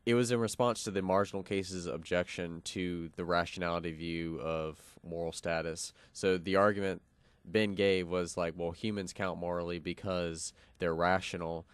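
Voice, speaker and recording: A man's voice: low voice, steady tone, moderate pace, clean tone, no echo. A young man co-hosting a college radio show, explaining a philosophical argument with lots of fillers and restarts. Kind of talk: casual philosophical discussion.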